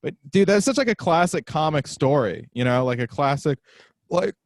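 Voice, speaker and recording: A man's voice: a little high, no room sound. A man co-hosting a podcast from home over a video call, chatting casually and swearing often. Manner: animated, swearing, quick asides. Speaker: podcast co-host. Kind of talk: casual chat.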